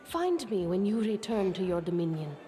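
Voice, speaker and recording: A woman voicing a friendly adventurer ally in a video game, speaking with dry, teasing warmth. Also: mid-range voice, very animated, moderate pace, soft background music, lightly acted. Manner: wry, teasing farewell.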